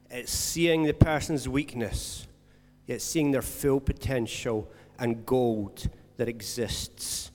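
A man preaching a sermon as pastor, earnest, swinging between loud stressed words and soft, slowed emphasis. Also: medium pitch. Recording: long hall reverb.

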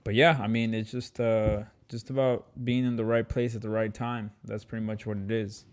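A male podcast co-host chats in an easygoing way, with a somewhat low voice. He pauses and repeats words as he searches for what to say. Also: flat delivery. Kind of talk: casual chat.

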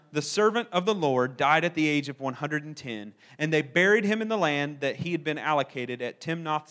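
A man preaching a sermon in an earnest, conversational way, with animated asides to his listeners. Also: on the high side. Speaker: pastor.

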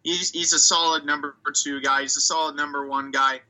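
A man's voice: on the high side, fairly even intonation, brisk, pushed and bright, rough recording. A man co-hosting a hockey podcast, talking casually and thinking aloud as he weighs prospects and reads out stats. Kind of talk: casual chat.

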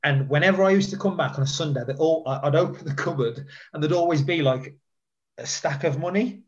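A man's voice: a little high, brisk, dull audio. A man, a former footballer, telling rambling stories in a casual chat, often repeating himself and filling with "like".

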